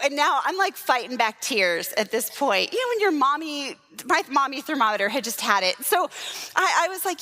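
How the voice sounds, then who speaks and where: A woman children's pastor preaching at a church service, telling a personal story in a lively way, laughing and acting out what people said. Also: high voice, normal speed.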